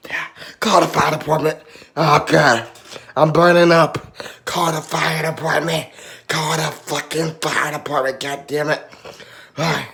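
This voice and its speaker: A man's voice: level tone, a little slow, gravelly, fairly bright tone. A man in a casual vlog, groaning, swearing and whooping as spicy food burns his mouth, out of breath. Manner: swearing, breaks into high whoops. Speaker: vlogger.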